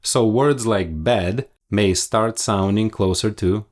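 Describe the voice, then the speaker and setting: Male dialect coach, fairly low voice, unhurried and deliberate delivery, scripted teaching voice-over. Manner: measured, explanatory, deliberate.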